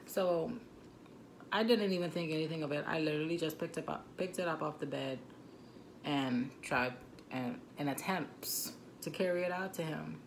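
A young woman with a Turks and Caicos Islands accent tells a story on a phone mic, animated and indignant, with many asides. Her voice is low and gravelly, with fry. A faint hiss sits behind her. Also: moderate pace. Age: 20s. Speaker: vlogger. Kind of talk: storytime vlog. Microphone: phone camera mic.

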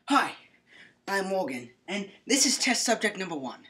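A woman's voice: medium pitch, very animated, normal speed, fairly bright tone. A young woman presenting a comedic mock-science skit, rambling and mock-serious with playful asides. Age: young adult.

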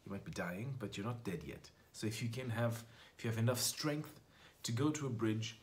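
A man giving a comic monologue in deadpan, darkly sarcastic tones, calling his viewers darlings. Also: on the low side, normal speed. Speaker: comedian. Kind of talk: comic monologue with a satirical song.

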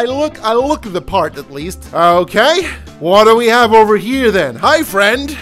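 Excitable high-voiced male gamer. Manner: excitable, jokey, swears freely. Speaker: gaming YouTuber. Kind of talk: casual gameplay commentary.

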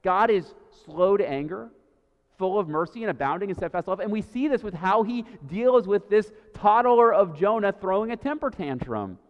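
A man preaches to his congregation in a high, light voice. He keeps the tone conversational and keeps checking in with "right?". The recording is muffled, and a long reverb hangs in the church around him. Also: expressive, moderate pace. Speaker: pastor. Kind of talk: sermon. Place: church sanctuary.

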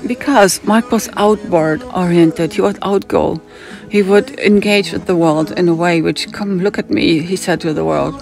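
A woman's voice: fairly low pitch, normal speed, creaky, hardly any pauses, darkish tone, faint music behind. A woman from Hamburg with a German accent telling a rambling personal story, drifting off on tangents and acting out what other people said. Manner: digressive, acts out other people's lines.

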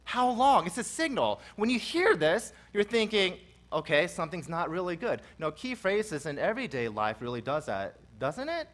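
Delivering an expository sermon in church, this male pastor has a high-sitting voice, very animated, at normal speed. Repeated phrases build to a loud swell, then he eases back to quiet, conversational teaching.

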